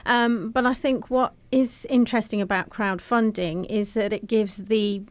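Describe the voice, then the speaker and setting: A woman co-presenting a business radio show in a studio, explaining topics in a measured, thoughtful way. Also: mid-range voice, fairly even intonation, no room sound. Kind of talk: casual radio talk.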